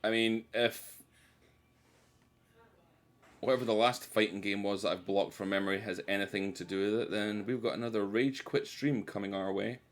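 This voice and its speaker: Male streamer, low-ish voice, casual sweary banter, self-deprecating. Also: steady tone, moderate pace. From United Kingdom. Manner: chatty, swears freely, self-mocking. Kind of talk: casual live-stream chat while gaming.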